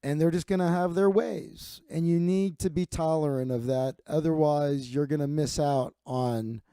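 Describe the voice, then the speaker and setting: A man's voice: a little high, fairly even intonation, moderate pace, mellow, smooth, dry recording, clean studio sound, natural voice. Man doing a scolding Southern mom. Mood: earnest. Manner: pleading, scolding. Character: exasperated Southern mother scolding.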